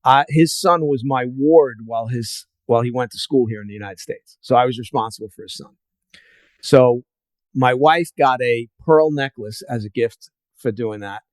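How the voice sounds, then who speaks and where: A man's voice: medium pitch, normal speed, dry recording. Man rambling through martial arts stories. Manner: rambling anecdotes with many fillers, acting out quoted voices. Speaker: podcast host and martial arts teacher. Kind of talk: casual storytelling interview.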